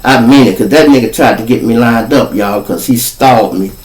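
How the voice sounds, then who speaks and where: A man, hosting a podcast and telling a street story in a profane, animated way. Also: medium pitch, a little fast, far from the mic. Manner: animated, profane, acts out every voice. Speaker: podcast host. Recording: echoey room.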